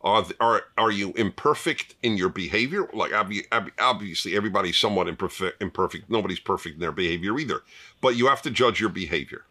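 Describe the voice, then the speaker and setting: Lively, emphatic older male host. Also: low voice, fast talker. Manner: emphatic, lively, repeats points for stress. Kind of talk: fireside chat monologue.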